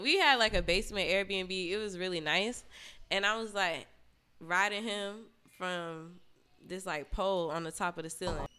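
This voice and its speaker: A young adult woman, a podcast guest, telling an explicit story in casual chat, animated and profane, with lots of "like". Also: medium pitch, clear, resonant tone.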